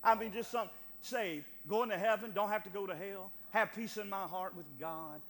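A middle-aged man preaching a fervent, animated sermon, piling up emphatic repeated phrases. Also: high voice, normal speed. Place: church sanctuary. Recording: long reverb of a church hall, faint hum.

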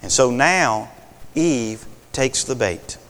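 Animated preacher with lively swings. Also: male voice, mid-range voice, takes it slowly, in a large hall. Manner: animated, folksy, calls for amens. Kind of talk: sermon.

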